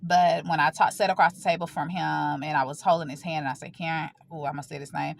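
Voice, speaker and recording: A woman speaks straight to her viewers in a fairly low voice, telling a painful family story in casual, plain talk. She keeps pushing through as her voice catches, holding back tears. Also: steady tone, fast, vocal fry, slight background noise. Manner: emotional, fighting back tears, informal and direct. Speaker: vlogger. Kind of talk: personal storytelling to camera.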